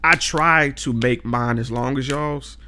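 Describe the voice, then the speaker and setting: A man's voice: medium pitch, a little slow, sharp tone, smooth. A young man hosting a casual chat, talking in laid-back slang, laughing often and reciting lines of poetry. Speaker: podcast host.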